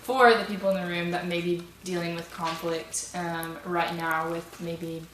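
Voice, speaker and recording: A woman's voice: on the low side, level tone, normal speed. A woman on a thesis panel asking the student rambling, thoughtful questions with many ums, speaking into a microphone handed around a school room. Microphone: passed microphone. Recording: roomy, distant, noisy room sound.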